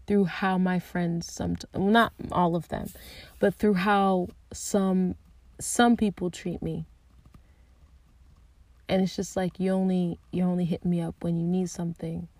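A young woman speaking candidly and earnestly about her faith, thinking aloud with restarts and soft asides. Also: fairly low pitch, no echo. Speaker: Christian speaker sharing personal reflections. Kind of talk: candid personal reflection.

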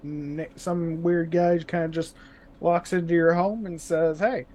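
A man's voice: a little high, level tone, measured pace, dark tone. A man co-hosting a podcast, making wry remarks. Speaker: podcast co-host. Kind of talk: casual podcast chat.

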